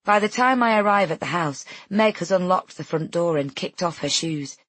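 Low, husky woman narrating. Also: animated, moderate pace, a bit bright, dry recording. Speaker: audiobook narrator. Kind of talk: first-person fiction narration.

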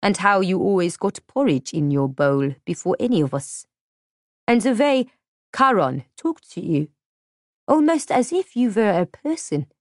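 A woman voicing a blunt, scornful young female captive who speaks in a harsh, flat way. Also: mid-range voice, measured pace, no room sound, clean studio sound.

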